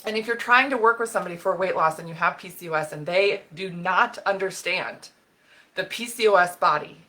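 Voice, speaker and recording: A woman health expert giving an animated talk on camera, getting fired up and laughing as she explains while sketching on a board. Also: medium pitch. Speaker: women's health and hormone expert. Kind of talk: educational video talk.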